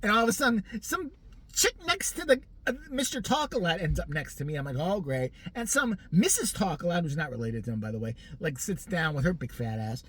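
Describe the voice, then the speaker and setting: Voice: medium pitch, sing-song, brisk, fairly bright tone, breathy edge. A vlogger in their forties ranting comically, sarcastic and profane, often laughing. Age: 40s. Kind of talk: comic rant.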